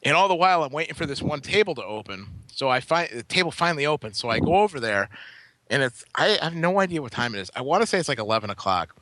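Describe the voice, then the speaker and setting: Bright-voiced man telling a rambling story. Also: fairly high pitch, big pitch swings, fast. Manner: rambling, profane anecdote telling. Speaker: podcast co-host. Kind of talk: casual storytelling.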